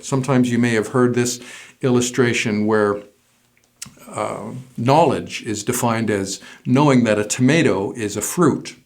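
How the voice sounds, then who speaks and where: A man who is a pastor, preaching a sermon in a measured way, stressing single words with pauses. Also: mid-range voice, a little mellow.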